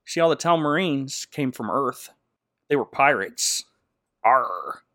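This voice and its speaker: A man's voice: medium pitch, expressive, slow pace, pushed and bright, no room sound, clean studio sound. A man voicing a blunt, slangy male lion king in a casual comedy recap. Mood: lecturing.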